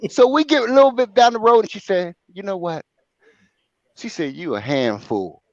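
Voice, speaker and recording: The talk show host, an older man, has an extremely high pitch and talks a little fast while telling a funny story. He laughs often and acts out voices with plenty of animation, captured in a dry, dull lo-fi recording.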